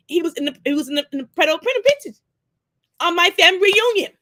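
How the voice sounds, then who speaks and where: A woman's voice: high-pitched, lively intonation, quick pace, pushed and bright, no echo. A woman in her forties talking on a discussion panel, emphatic, repeating herself and cursing freely. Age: 40s. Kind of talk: casual discussion.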